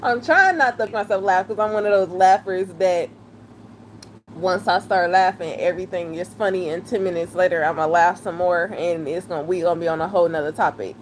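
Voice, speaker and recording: A woman's voice: lowish voice, slight background noise. A woman, chatting casually and laughing often during a live stream. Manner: laughing, chatty, drawn-out exclamations.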